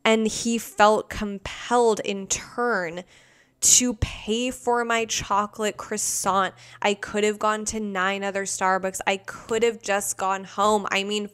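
A young woman vlogger casually telling a story, rambling and animated, full of fillers. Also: mid-range voice, takes it slowly, clear, resonant tone.

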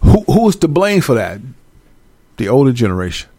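A man's voice: mid-range voice, very animated, normal speed, mellow, dry recording. Blunt, scolding male street preacher. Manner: emphatic, repeats words for stress. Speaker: religious teacher. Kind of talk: street-style preaching with scripture reading.

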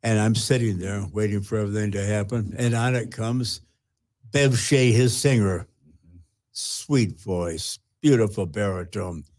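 An older man, a retired pastor, earnestly telling his personal testimony with halting restarts. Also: on the low side, darkish tone.

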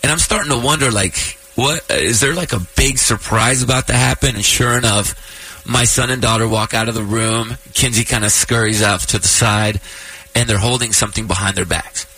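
Bright, husky-voiced man telling a story. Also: medium pitch, normal speed, poor audio. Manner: emotional, laughing through tears. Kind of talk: casual storytelling chat.

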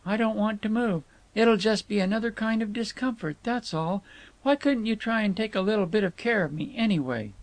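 Moody young woman, bossy and fretful, pitched up high and gravelly, the way a guy reading a book puts her on. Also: very animated, normal speed, dry recording, exaggerated voice. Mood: querulous. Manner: haughty and fretful, scolding. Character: moody, petulant young woman, tired traveler.

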